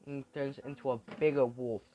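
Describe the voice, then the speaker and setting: A man rambles through a fan story he's inventing as he goes, full of restarts and ums. His medium-pitched voice is flat and fairly quick. The recording is dull and lo-fi with slight background noise.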